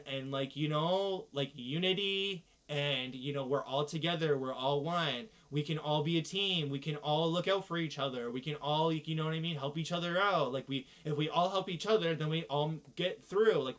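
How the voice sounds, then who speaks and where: A man's voice: a little high, fairly bright tone. Ranting Canadian man, dull recording. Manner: profane, ranting, exasperated. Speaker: influencer. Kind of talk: casual monologue.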